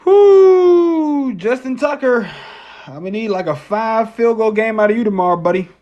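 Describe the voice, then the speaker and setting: Man, sports live-stream host, fairly high voice, profane, rambling restarts. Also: fast, highs cut off. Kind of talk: casual post-game live-stream rant.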